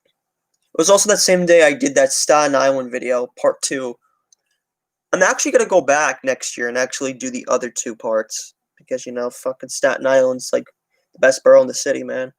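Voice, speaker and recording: Brisk and mid-pitched, a young man's voice comes through a dry recording. He runs a transit channel and is loosely chatting on stream, rambling, swearing heavily and frequently restarting.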